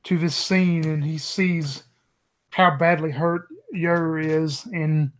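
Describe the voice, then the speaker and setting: A man with a fairly high voice describes his character's moves in a tabletop game. He tells it earnestly, with a dramatic bent. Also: steady tone, slow pace. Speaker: player. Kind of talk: in-character narration.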